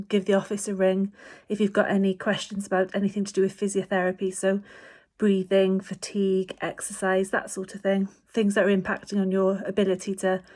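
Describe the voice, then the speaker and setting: A woman speaks as a physiotherapist, calmly and reassuringly walking her patients through breathing exercises. Her voice sits in the middle of the range, and she pauses often with small fillers as she explains. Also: medium pitch. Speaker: hospice physiotherapist. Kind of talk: instructional talk to patients. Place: home.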